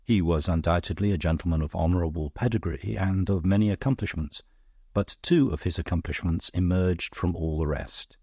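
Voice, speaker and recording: A man narrating an audiobook in a steady, measured reading style. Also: deep voice, husky, no echo, studio quality. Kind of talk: scripted narration.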